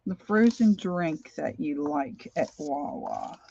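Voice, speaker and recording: A woman's voice: deep voice, wildly swooping pitch, takes it slowly, creaky, dark tone, lo-fi sound. An older woman hosting a crafting livestream, chatting casually and greeting viewers by name as she works.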